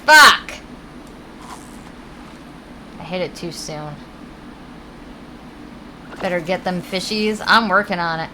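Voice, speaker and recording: Speaking slowly with long pauses, a woman with a Connecticut accent streams a video game, rambling casually, answering chat by reading it out, and occasionally swearing. Her voice is fairly low, and the background is noisy.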